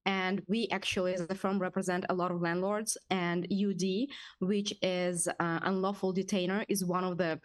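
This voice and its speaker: A woman's voice: fairly low pitch, flat delivery, normal speed, no echo. A woman real estate attorney speaking as a radio guest, confident and practical as she advises listeners.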